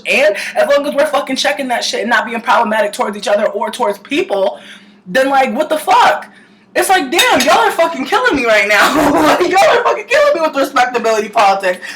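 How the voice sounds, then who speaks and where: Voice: medium pitch, fairly bright tone, low-quality recording. A vlogger ranting to camera in a casual, impassioned and profane way, full of fillers like "like" and "you know". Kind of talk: casual vlog rant to camera.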